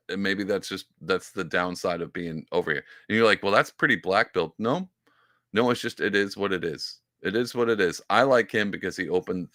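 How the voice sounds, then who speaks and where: A man's voice: on the low side, dry recording, studio quality. A man hosting a podcast, reacting to a clip in casual commentary with mocking impressions. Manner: animated, mocking impressions, lots of fillers. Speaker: podcast host.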